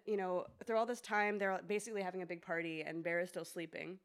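Smooth-voiced woman teacher chatting. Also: lowish voice, steady tone, quick pace, few pauses. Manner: chatty, many fillers, acts out story voices. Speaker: preschool teacher and podcast co-host. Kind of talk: casual chat.

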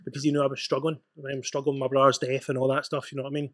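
A man's voice: medium pitch, completely flat delivery, rapid-fire, no room sound, clean studio sound. A man in casual conversation, sharing a personal memory about football. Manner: responsive listener, frequent short agreements. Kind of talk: casual chat.

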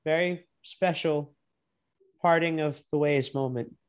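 A young man co-hosting a casual racing podcast, animated and profane, sometimes breaking into loud drawn-out shouts. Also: a little high, smooth. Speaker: podcast co-host. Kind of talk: casual sports chat.

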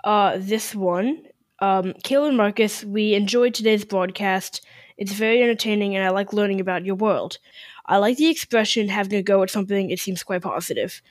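A woman's voice: medium pitch, normal speed, no echo. Chatty woman podcast co-host. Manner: rambling, with many restarts and fillers. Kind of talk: casual chat, reading listener emails.

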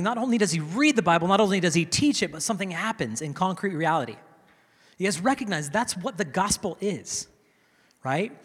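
A man's voice: mid-range voice, breathy edge. A man giving a teaching sermon to a congregation in a conversational way, often checking in with "right?". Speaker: teaching pastor. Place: church hall with a congregation. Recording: long reverb of a hall.

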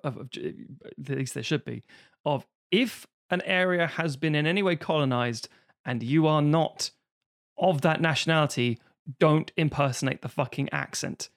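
A man's voice: on the high side, moderate pace, vocal fry, a bit bright. A man co-hosting a casual podcast, stammering into his points and swearing now and then. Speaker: podcast co-host. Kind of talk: casual chat.

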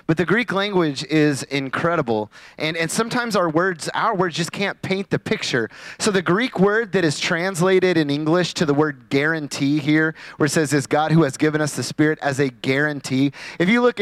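Guy in his 40s preaching, kinda high voice, dry sound, super chatty and laid back. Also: fairly bright tone, no echo. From Louisiana. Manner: casual and conversational, many fillers and restarts. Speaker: pastor. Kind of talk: sermon.

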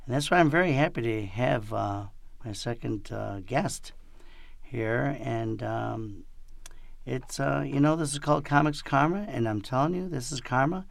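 A man's voice: medium pitch, measured pace, vocal fry, dry recording. A man from upstate New York hosting a casual comedy podcast, loose and playful, laughing often and trailing off with fillers. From Rochester, New York. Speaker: podcast host.

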